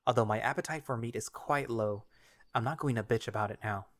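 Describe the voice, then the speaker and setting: A man's voice: mid-range voice, a little fast, a bit bright. A man narrating a first-person audio story in a wry, uneasy inner voice.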